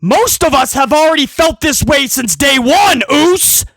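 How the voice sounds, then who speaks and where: A man rants heatedly about wrestling, sarcastic and often shouting. His voice is very high and bright, and it leaps all over the place. The sound is close and dry. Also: lively intonation, measured pace, no echo. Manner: ranting, sarcastic, shouting at times. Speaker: wrestling commentator. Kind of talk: heated opinion rant.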